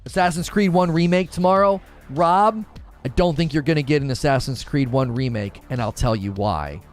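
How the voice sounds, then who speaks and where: An opinionated man hosts a live gaming stream, his voice sitting a little high for a man. He reads out chat messages and argues his points with quick rhetorical questions, while soft music plays behind him.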